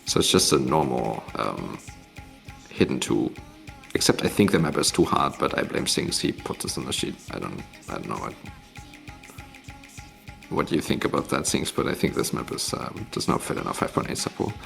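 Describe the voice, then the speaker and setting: A man's voice: a bass voice, sing-song, normal speed, gravelly, fairly bright tone, faint music behind. A man casually talking through tournament maps on a live stream, rambling with many fillers and restarts. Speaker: tournament mappool showcaser.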